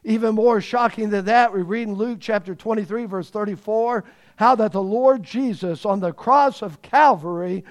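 A man preaching a sermon, emphatic, repeating key words for stress and swinging between loud and hushed delivery. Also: high voice, normal speed.

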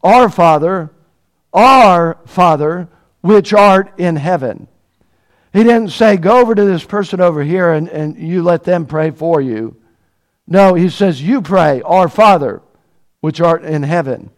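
A man preaching a sermon, reading scripture slowly and swelling from quiet asides into passionate cries. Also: on the high side.

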